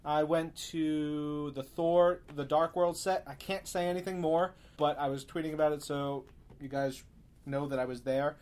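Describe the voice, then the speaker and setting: Guy hosting a podcast, chatty and jokey, voice sits a bit high. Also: fairly even intonation, moderate pace, darkish tone. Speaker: podcast host. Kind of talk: casual chat.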